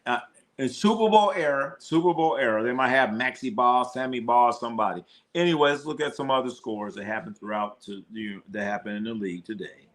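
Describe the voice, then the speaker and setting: A man's voice: mid-range voice, a bit bright. A man recapping football scores on a live stream, rambling and profane, repeating himself as he riffs. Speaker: sports streamer. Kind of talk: casual sports recap.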